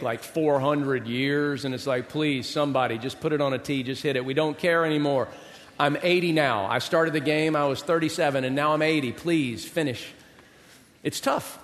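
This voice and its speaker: Humorous storytelling pastor, man, echoing hall. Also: fairly high pitch. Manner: humorous, self-deprecating storyteller with comic exaggeration. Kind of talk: storytelling sermon. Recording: long hall reverb.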